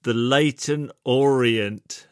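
A man's voice: mid-range voice, extremely slow, no echo, studio quality. A man co-hosting a football podcast over a video call, talking animatedly and stumbling over his words as he jumps in. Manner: animated, stammering restarts. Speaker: podcast co-host. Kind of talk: casual football chat.

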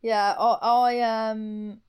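Brief: young woman, thick Midlands accent, smooth clear voice, chatty and wry podcast co-host. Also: mid-range voice, level tone, extremely slow, darkish tone. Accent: strong Midlands English. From England. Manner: rambling, filler-heavy, wry. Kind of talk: casual chat.

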